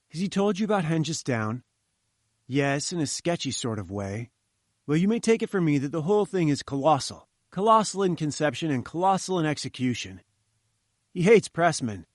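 A man voicing a jovial, confident male newspaper reporter who talks in a brisk, knowing way. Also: on the high side, no room sound, studio quality.

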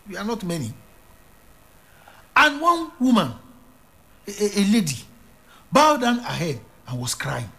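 Lively emphatic preacher man. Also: high voice. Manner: emphatic, repetitive preaching with stammered restarts. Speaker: evangelist preacher. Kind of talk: sermon.

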